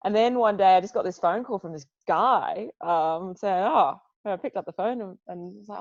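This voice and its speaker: A woman in her twenties from Australia, an athlete telling her story in a casual interview, lively and acting out what others said. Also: mid-range voice, moderate pace, no room sound. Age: 20s. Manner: lively storyteller, acts out quoted voices. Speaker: interviewee, Olympic modern pentathlete. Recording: dull lo-fi sound.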